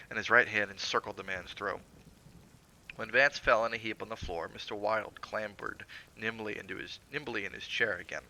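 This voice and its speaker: A man with a low, gravelly voice narrates a classic horror tale in a measured, theatrical manner. His tone is bright and edgy, with occasional slips he corrects himself on. A faint hiss sits under the reading. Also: poor audio. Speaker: streamer reading aloud.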